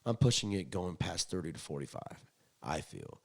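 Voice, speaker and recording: Young male podcast co-host, low gravelly voice, blunt and profane, rambling, swings loud to quiet. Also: very animated, normal speed. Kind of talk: casual podcast chat.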